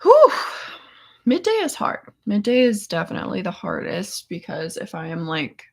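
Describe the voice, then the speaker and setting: A young woman hosting a casual live chat, worn out after a seizure, speaking softly in half-whispers and laughing often. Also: mid-range voice, wildly swooping pitch, moderate pace.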